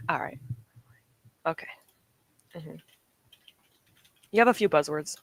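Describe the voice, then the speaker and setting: A woman's voice: low voice, very slow, long pauses, a bit bright, no echo. A young woman from the UK chatting casually with her stream chat, rambling, laughing often and correcting herself. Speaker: streamer reading chat comments.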